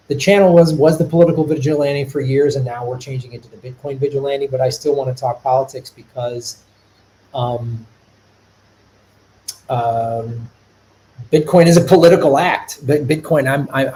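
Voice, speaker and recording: A man's voice: mid-range voice, slight background noise, poor audio. A middle-aged man from Chicago hosting a live stream, talking in a casual, rambling way with many restarts. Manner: animated, rambling, with repeated restarts. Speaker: podcast host.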